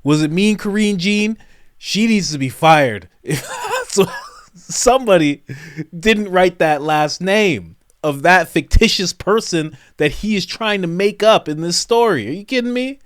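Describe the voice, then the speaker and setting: A man hosting a comedic reaction commentary show, animated and breaking into laughter often. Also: high-pitched, no echo, clean studio sound.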